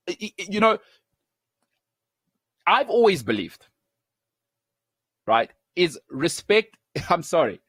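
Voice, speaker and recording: Opinionated South African sports host. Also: male voice, high voice, takes it slowly, long pauses, husky, no room sound. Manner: animated, chatty, digressive, laughs at himself.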